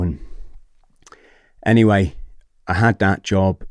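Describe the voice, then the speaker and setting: A man's voice: sits low, steady tone, moderate pace, darkish tone, no echo, studio quality. A man guest on a podcast, telling his story candidly and animatedly, with swearing and frequent checks with the host.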